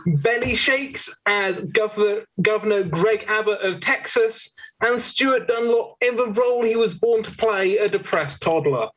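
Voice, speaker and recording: A high male voice hosting a live comedy panel show. He speaks slowly and stumbles over his words, mocking himself as he goes. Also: fairly bright tone, low-quality recording. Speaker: quiz show host.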